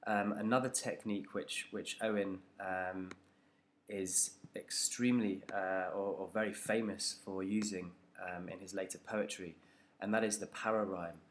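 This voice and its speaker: A man's voice: low-pitched, fairly even intonation, unhurried, a little hiss or hum. A man teaching a poetry analysis lesson, talking it through unscripted and hesitant, with many ums and restarts.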